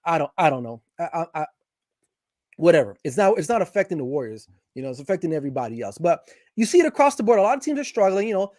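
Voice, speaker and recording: Man, high voice, dry close sound, opinionated sports talk, animated, restarts a lot. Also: dry recording. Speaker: guest sports commentator. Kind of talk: casual sports chat.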